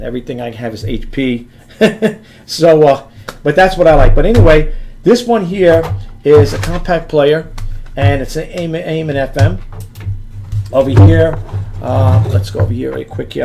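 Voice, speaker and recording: A man's voice: a little high, vocal fry, a little mellow, a little hiss or hum. A man casually showing an item to the camera for his online selling channel, rambling and often restarting sentences while he handles the item, sometimes turning away from the mic. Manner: rambling, chatty, often restarts sentences and addresses viewers as folks and guys. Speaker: eBay seller vlogger. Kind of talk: casual product demo to camera.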